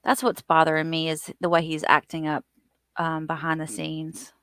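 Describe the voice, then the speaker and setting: A chatty woman hosts a relaxed livestream, greeting her viewers by name. Her voice sits a little low, and the sound is dry and close. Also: normal speed, no echo. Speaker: livestream host. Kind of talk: casual livestream chat reading viewer comments.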